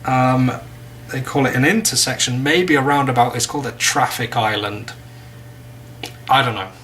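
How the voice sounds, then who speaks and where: Brief: English male teacher, bright, forceful tone, chatty and jokey. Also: medium pitch, normal speed, slight background noise. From England. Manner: chatty, joking asides. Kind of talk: casual vocabulary lesson.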